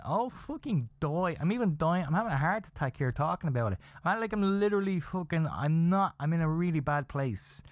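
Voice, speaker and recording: A man hosting a podcast, telling a comedic story in a profane, rambling, animated way, acting out his own panic. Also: a little high, no echo, studio quality. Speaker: podcast host.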